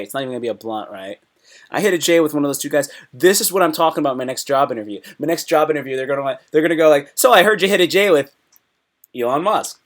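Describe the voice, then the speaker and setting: A young man hosting a casual live stream, rambling and excitable as he answers chat questions, swearing often. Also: a little high.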